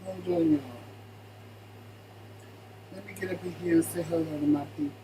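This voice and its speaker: A man's voice: fairly high pitch, fairly even intonation, moderate pace, background noise. A man co-hosting a casual live stream at home, chatting and calling out viewers by name. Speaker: co-host of a live stream show. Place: home living room.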